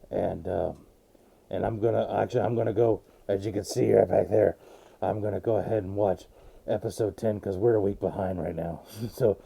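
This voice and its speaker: Gravelly man rambling through a recap. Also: on the low side. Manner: rambling, excitable storytelling. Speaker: anime review vlogger. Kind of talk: casual episode recap.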